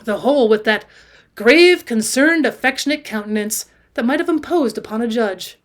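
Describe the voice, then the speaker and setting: A woman's voice: fairly high pitch, expressive, moderate pace. A woman reading a classic novel aloud for students, raising her voice for the dialogue. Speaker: audiobook reader and teacher.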